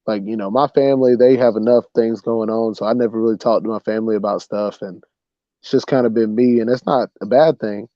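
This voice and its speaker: A young man hosting a livestream, casually telling a funny story, animated and saying "bro" a lot. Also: fairly low pitch, brisk, no room sound, highs cut off. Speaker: livestream host.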